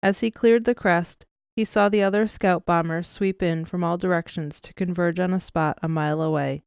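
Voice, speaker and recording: A woman narrating an audiobook in an even, measured storytelling manner. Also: lowish voice, smooth, no room sound, studio quality. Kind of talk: scripted narration.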